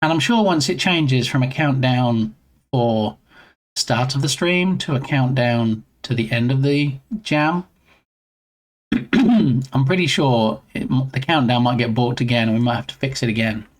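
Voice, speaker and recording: A man's voice: mid-range voice, unhurried. A man streaming live and chatting casually with his viewers in a rambling way, greeting them by name.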